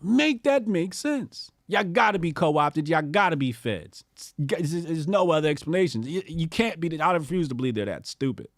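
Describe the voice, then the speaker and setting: This is a man, hosting a political commentary show. His voice sits a little high and swings widely, dropping into low mutters and then jumping up into mocking outbursts. The talk is profane and sneering, and the recording is close and dry. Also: lively intonation, fairly quick, fairly bright tone, dry recording. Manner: profane, mocking impressions of opponents.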